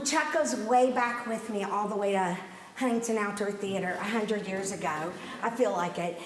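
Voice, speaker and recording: A woman's voice: a little high, echoey room, a little hiss or hum. A woman teaching an acting workshop to a group. She is chatty, playful and self-mocking, and she wears a microphone. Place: theater rehearsal space with a stage area. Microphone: wearing a microphone.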